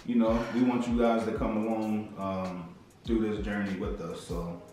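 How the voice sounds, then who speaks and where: A man's voice: fairly low pitch, flat delivery, moderate pace, dark tone, recorded from a distance. A young man, the vlogger's husband, talking casually and laid-back, saying "man" a lot. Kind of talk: casual chat. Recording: echoey room, off-mic, music behind.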